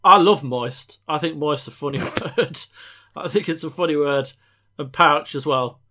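Excitable English co-host, slightly high. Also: male voice, measured pace, a little hiss or hum. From England. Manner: excitable, stammering restarts, laughing. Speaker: podcast co-host. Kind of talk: casual podcast chat.

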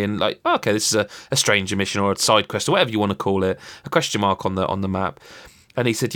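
A man's voice: lowish voice, fast, sharp tone. Chatty man retelling game stories. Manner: rambling storytelling with many restarts and acted-out quotes. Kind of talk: casual chat about a video game.

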